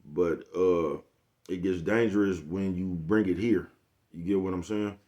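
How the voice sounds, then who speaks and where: A man's voice: low-pitched, fairly even intonation, a little slow, dark tone, muffled recording. A man talking casually to his viewers in a slangy, laid-back rant, often checking in with "you get what I'm saying". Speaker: channel host. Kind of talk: casual vlog monologue.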